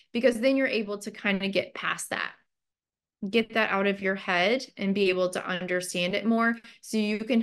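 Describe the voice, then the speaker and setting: A woman's voice: mid-range voice, gravelly, a bit bright. A woman mental health counselor giving a training webinar in a loose, conversational way, with lots of "like" and "you know" fillers.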